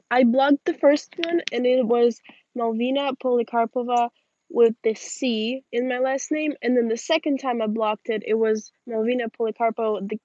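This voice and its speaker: Sleepy young woman reading out chat on a stream, kinda high voice, dry muffled sound. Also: no room sound. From Russian-speaking family. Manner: relaxed, chatty, reads viewer questions aloud. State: tired, yawning. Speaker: livestream host. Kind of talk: casual livestream chat reading comments.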